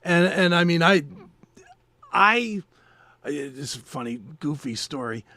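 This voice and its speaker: Gravelly guy on a podcast, kinda high voice, dry close mic, animated and cussing. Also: slow, no echo. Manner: animated, swearing storyteller. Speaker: podcast co-host. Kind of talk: casual chat.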